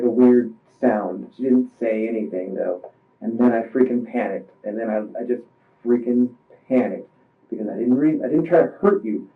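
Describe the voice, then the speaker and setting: The tinny, distant recording captures a suspect in a police interview room. Distressed and strained, he speaks in a mid-range voice, rambling through the events with many false starts as officers question him.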